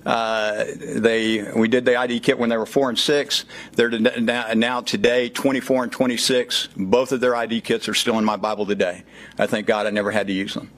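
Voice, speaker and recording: A man's voice: medium pitch, level tone, normal speed, a bit bright. Texas guy in his fifties, southern drawl, folksy press conference talk with lots of uhs. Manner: folksy, frequent "uh" fillers. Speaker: child safety program speaker.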